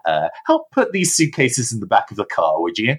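A man's voice: lowish voice, huge pitch swings, fairly quick, husky, full character voice. A man playing a scheming adult man who talks his way through a getaway, breezy and wry.

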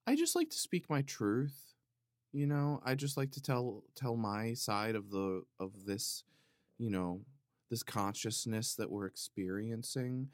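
A man reading viewer comments in a casual comedic monologue, playfully indignant, swinging from loud outbursts to low muttering. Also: sing-song, measured pace, no room sound, studio quality. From Italian heritage.

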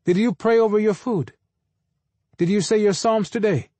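A man voicing a devout, doting mother asking gentle questions in an audiobook. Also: high-pitched, normal speed, dry recording, pitched above the performer's own voice. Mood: fond fussing. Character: devout mother, fond and fussing.

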